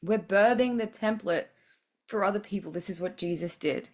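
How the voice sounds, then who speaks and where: A woman's voice: medium pitch, normal speed. A woman hosting a spiritual podcast, giving a blunt, profane tough-love pep talk with frequent laughs. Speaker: podcast host.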